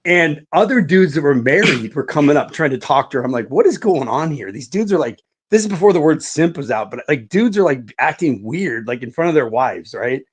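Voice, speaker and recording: A man's voice: a little high, animated, a little fast, hardly any pauses, slightly rough. Man telling stories, full of "like" and swearing. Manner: swears a lot, says "like" and "right" often. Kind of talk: casual podcast storytelling.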